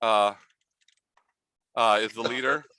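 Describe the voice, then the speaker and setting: A man's voice: mid-range voice, steady tone, slow pace, pushed and bright, no room sound, low-quality recording. A man narrating a tabletop game as game master, rambling and full of fillers.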